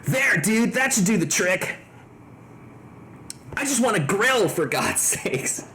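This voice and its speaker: Streamer man putting on a mellow surfer-dude engineer chief, drawling, lively ups and downs, for a game read-through. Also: high-pitched, takes it slowly, slight background noise, voice pushed up, heavily acted. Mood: laid-back. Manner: mellow, says dude a lot. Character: laid-back surfer-dude engineer chief, male, middle-aged. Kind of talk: reading game dialogue aloud on a stream.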